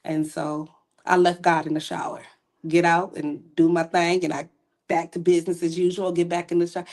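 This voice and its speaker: A woman's voice: lowish voice, flat delivery, moderate pace, a little mellow. A woman guest on a podcast, sharing a candid personal faith testimony in an earnest, storytelling way with casual asides.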